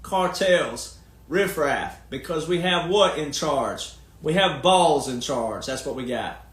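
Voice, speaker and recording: Man, high-pitched voice, casual monologue, folksy and emphatic, asks rhetorical questions, roomy echo. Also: animated, takes it slowly, fairly bright tone. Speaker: commentator and speaker.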